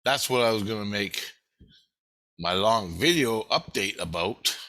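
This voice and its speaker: This man's voice sits on the low side, and he takes his time telling a meandering story. The vlogger's casual monologue is lively and full of profanity, with quoted people given their own acted-out voices.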